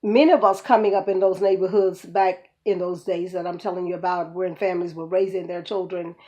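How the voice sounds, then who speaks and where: A woman's voice: lowish voice, fairly even intonation, brisk, highs cut off. Lady w a mixed north/south us accent rambling thru stories, laughing a lot, calls u baby. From United States. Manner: rambling, laughs often, speaks warmly to listener as "baby". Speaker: community show host. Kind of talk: casual storytelling monologue.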